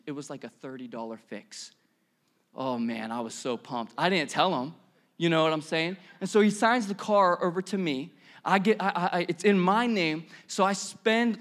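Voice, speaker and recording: High-voiced, animated male preacher. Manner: animated, conversational storytelling with bursts of emphasis. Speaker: pastor. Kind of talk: sermon.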